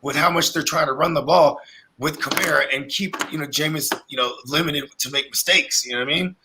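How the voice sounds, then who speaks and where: A man's voice: fairly high pitch, brisk, background noise. A man co-hosting a fantasy football podcast, joking and laughing often in casual chat. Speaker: podcast co-host.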